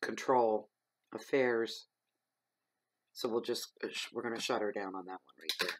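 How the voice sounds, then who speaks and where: A man's voice: on the low side, normal speed, a bit bright. A man giving a weekly tarot reading, talking in an emphatic, repetitive, earnest way, with a cough. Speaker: tarot reader.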